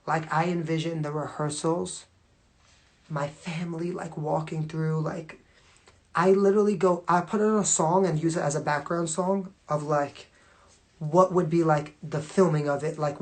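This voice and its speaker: A woman's voice: deep voice, a little mellow. A woman talking casually to viewers on a phone livestream, rambling and swearing freely with constant fillers. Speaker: livestream host.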